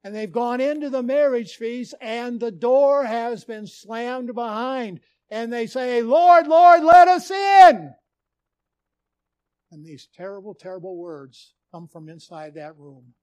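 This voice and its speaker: A man's voice: extremely high pitch, unhurried, hardly any pauses, a little mellow, no room sound. A man from Minnesota preaching a sermon as a pastor, telling stories earnestly with dramatic emphasis. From Minnesota, USA.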